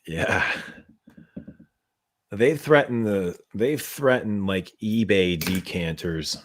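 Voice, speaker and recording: A man hosts a late-night livestream in a relaxed, drawling chat. His voice sits very low and deep, and he laughs often. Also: takes it slowly. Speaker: perfume brand owner hosting a livestream.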